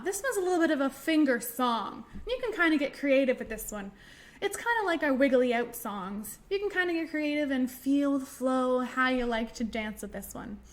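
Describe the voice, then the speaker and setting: A woman hosting a library storytime for young children, talking through finger rhymes in a gentle, encouraging way. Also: sits high, lively intonation, normal speed.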